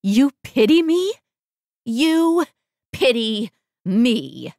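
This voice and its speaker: A woman voicing a heartbroken, bitter young woman with a choked, hoarse delivery in an audiobook. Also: mid-range voice, measured pace, no room sound, clean studio sound, lightly acted. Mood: furious.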